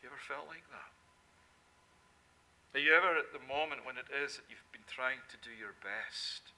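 Male preacher, bright ringing tone, emphatic sermon delivery, loud to hushed. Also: medium pitch, unhurried, long pauses, a little hiss or hum. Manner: emphatic preaching, swinging from loud declarations to soft intimate asides.

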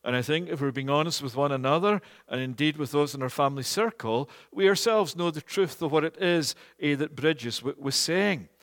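A man preaching a sermon in a church, measured and earnest, often pausing on "eh". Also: on the high side, fairly bright tone, long reverb tail. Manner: measured and earnest, with frequent "eh" fillers. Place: church, also streamed online.

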